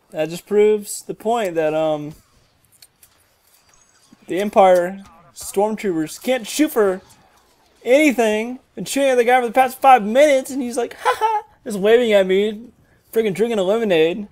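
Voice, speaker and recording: A gamer giving jokey, excitable commentary over a shooter game, yelling at other players with sudden leaps in pitch. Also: unhurried. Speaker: gaming commentator. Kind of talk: gameplay commentary.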